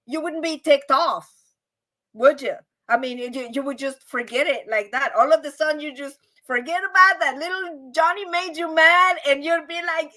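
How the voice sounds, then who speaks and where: A woman hosting a casual livestream, chatty and animated, often asking "right?" and acting out quoted voices. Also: high voice, measured pace. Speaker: livestream host.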